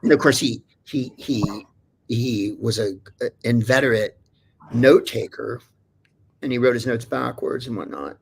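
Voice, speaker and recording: A man's voice: medium pitch, measured pace, vocal fry, breathy edge. A man guesting on a livestream talk show, telling long, digressive anecdotes with lots of restarts. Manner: rambling, digressive, many restarts and fillers. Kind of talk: casual chat, storytelling.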